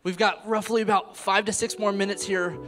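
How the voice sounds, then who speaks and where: A man with a high voice leads a church congregation, talking at a fast clip. He urges the room to respond and keeps encouraging them to stay with the moment. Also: level tone, pushed and bright, soft background music. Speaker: leader of the church service. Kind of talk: exhorting a congregation. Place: church service before a congregation.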